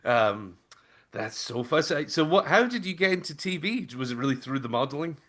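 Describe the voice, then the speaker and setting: A man's voice: fairly high pitch, expressive, fairly quick, a bit bright. Male podcast host, casual chat, attentive listener with short affirmations.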